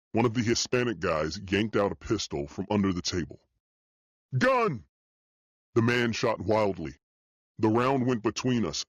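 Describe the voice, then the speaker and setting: A man narrating a thriller audiobook in the first person, steady and matter-of-fact. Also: lowish voice, dry recording. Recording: dull dry studio audio.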